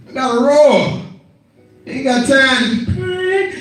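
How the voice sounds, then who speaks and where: High-pitched middle-aged guy preaching hard, shouting and repeating himself, really echoey hall. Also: unhurried, far from the mic, faint music behind. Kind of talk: sermon. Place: worship hall.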